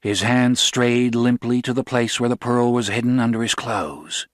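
A man reading a novel aloud in measured, steady audiobook narration. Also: mid-range voice, no room sound, studio quality. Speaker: audiobook reader.

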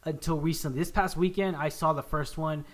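A man's voice: on the high side, steady tone, fairly quick. A young man hosting a casual movie review chat, upbeat and rambling with many restarts. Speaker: podcast host.

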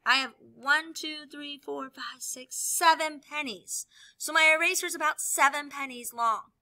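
Bright high-voiced woman teacher. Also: unhurried. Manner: upbeat, explaining while demonstrating with objects. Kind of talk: classroom video lesson.

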